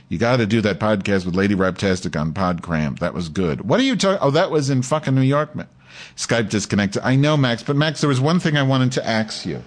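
A man's voice: fairly low pitch, very animated, fairly quick. A man hosting a live podcast, talking in a crude, profane, ranting way to his listeners. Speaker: podcast host. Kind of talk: live call-in podcast chat.

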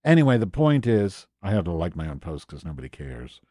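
A man's voice: low-pitched, very animated, brisk, mellow, no room sound, studio quality. Exasperated profane man ranting on stream. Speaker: podcast host. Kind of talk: ranting live stream commentary.

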